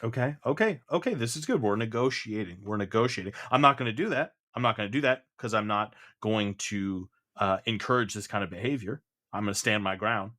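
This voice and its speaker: A man's voice: fairly low pitch, fairly quick, pushed and bright. A man hosting a comedy podcast, coaxing his co-host along in a hesitant manner, with frequent laughs and restarts. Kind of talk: improvised comedy bit.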